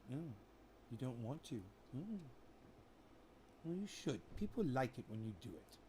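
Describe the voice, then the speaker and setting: A man's voice: mid-range voice, a little hiss or hum. A man casually narrating a vlog while trimming plants, theatrical and teasing as he bickers with someone off camera.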